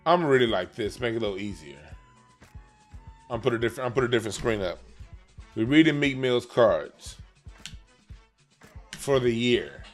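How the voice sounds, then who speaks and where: With a medium-pitched voice and lively intonation, a man explains his playing-card reading for the year ahead at normal speed, pausing often. He is casual, slangy and emphatic, repeating and restarting phrases, with soft music underneath.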